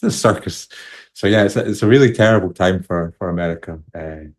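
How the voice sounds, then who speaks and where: Deep-voiced British podcast host, rambling. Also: male voice, fast. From United Kingdom. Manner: rambling, self-interrupting, chuckles often. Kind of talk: casual interview chat.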